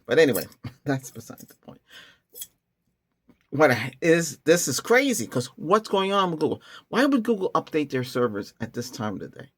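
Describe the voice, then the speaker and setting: A man's voice: fairly high pitch, big pitch swings, moderate pace, fairly bright tone, husky. A man hosting a tech channel, talking casually and rambling with many restarts and chuckling asides. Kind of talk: casual rambling vlog talk.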